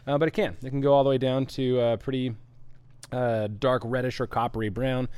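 Guy with a smooth clear voice, dry close sound, easygoing beer stream chat. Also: medium pitch, level tone, fairly quick, darkish tone, no echo. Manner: easygoing, explanatory, reads viewer comments. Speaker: co-host of a live homebrewing stream. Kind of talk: casual live-stream chat.

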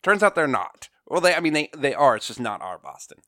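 A man's voice: a little high, sing-song, fairly quick, pushed and bright, no echo, clean studio sound. A man co-hosting a casual fan podcast, eager and rambling, full of likes and ums. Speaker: podcast co-host.

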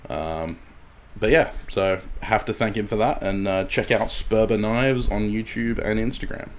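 A man's voice: fairly low pitch, a little slow, slight background noise. A man co-hosting a podcast in casual chat, laughing a lot and reacting with short remarks. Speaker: podcast co-host.

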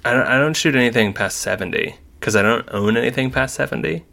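A man's voice: mid-range voice, fast talker, vocal fry, pushed and bright. A man co-hosting a podcast, joking and self-deprecating in casual banter. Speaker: podcast co-host.

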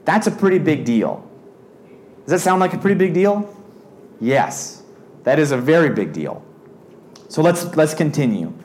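A man's voice: a little high, big pitch swings, measured pace, long pauses, darkish tone. A man reading a Bible passage aloud and explaining it in a loose, conversational way, like a youth pastor. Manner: reads scripture then explains it in a loose, conversational way. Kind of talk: casual Bible teaching.

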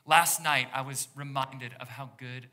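A man preaching a sermon as pastor, animated and talking straight to the congregation, dropping to a hushed near-whisper to stress a point. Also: medium pitch, unhurried. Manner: engages the congregation directly.

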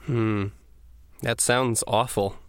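A man narrating a tabletop game as game master, hesitant, often restarting and jumping in pitch. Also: slow, clean tone, dry recording. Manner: hesitant, many fillers and restarts, animated pitch jumps.

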